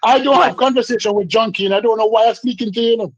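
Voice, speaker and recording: High husky man guest, pushy and repetitive, argues over others, dull lo-fi dry sound. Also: very fast, dry recording. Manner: insistent, repeats himself, talks over others. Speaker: podcast guest. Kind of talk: heated live podcast debate.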